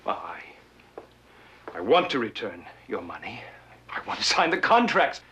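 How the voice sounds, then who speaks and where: A man's voice: mid-range voice, very animated, moderate pace, background noise, lightly acted. An actor playing a scheming, theatrical middle-aged businessman in a TV drama, with florid, melodramatic pleading. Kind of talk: TV drama acting. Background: music.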